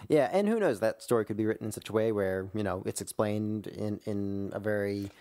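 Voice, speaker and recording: A man's voice: fairly low pitch, a little fast, dark tone, no echo. A man co-hosting a podcast, talking in an easygoing, hedging way. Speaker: podcast co-host. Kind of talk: casual podcast chat.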